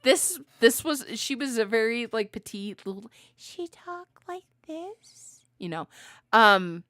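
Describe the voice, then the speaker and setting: A woman co-hosting a podcast in casual chat, telling animated stories, acting out quotes and laughing often. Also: on the high side, takes it slowly, dry recording, studio quality. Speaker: podcast co-host.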